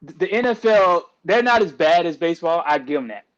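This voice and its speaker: A man's voice: a little high, lively intonation, fairly quick, muffled recording. A man co-hosting a podcast, arguing about sports in a casual, emphatic, slangy way and repeating points for effect. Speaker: podcast co-host.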